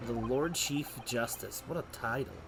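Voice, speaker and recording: A man voicing a polite, composed young female assistant from a story game, reading her lines in a quiet, soft tone. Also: medium pitch, normal speed, vocal fry, noisy background, voice pushed down, close to an everyday voice.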